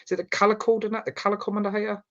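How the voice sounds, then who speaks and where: A quick-talking man chatting about football, thinking out loud and reaching for words as he goes. His voice comes through on slightly dull, lo-fi audio. He keeps a relaxed, conversational flow. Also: high voice. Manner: rambling, searches for words aloud. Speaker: podcast co-host. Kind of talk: casual football chat.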